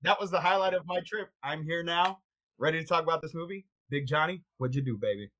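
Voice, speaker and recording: Bright-voiced man telling a story. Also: on the high side, fast, slight background noise, poor audio. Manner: storytelling, swears freely. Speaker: podcast co-host. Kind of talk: casual podcast chat.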